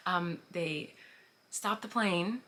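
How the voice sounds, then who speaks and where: A woman's voice: fairly low pitch, extremely slow, background noise. A woman vlogger telling a story in a casual, chatty way, full of "like" fillers.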